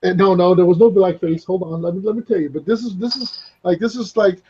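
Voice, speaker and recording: A man's voice: high voice, fast talker, darkish tone, dull audio, a little hiss or hum. A man hosting a casual podcast chat, rambling and swearing as he tells a story over an online voice call.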